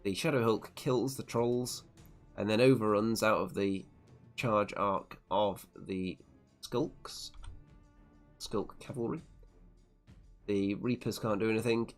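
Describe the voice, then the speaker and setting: A man narrating a tabletop wargame tournament report turn by turn, with a wry, self-deprecating play-by-play manner. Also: lowish voice. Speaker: tabletop wargame channel host.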